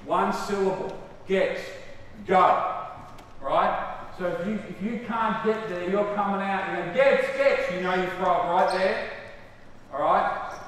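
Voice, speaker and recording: A man's voice: high voice, steady tone, measured pace, a bit bright, a little hiss or hum. A man with an Australian accent coaching players through a basketball clinic, calling short cues and praise while explaining to the room. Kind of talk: on-court coaching demonstration. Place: large indoor gym. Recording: echoey gym heard from far off.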